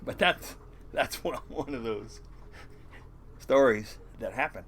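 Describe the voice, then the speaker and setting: A man's voice: mid-range voice, slow, fairly bright tone, slight background noise. An older man, a fishing boat captain, telling rambling stories in a casual interview, swearing freely and chuckling through many restarts.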